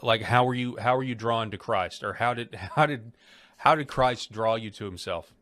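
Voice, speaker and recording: A man interviewing a guest in a casual, halting way, often repeating words and using fillers. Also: mid-range voice, a bit bright, no echo. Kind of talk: conversational interview.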